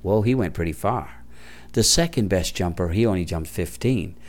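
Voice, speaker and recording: A middle-aged male pastor preaching a conversational sermon, often dropping to a hushed voice for prayers. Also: deep voice, moderate pace.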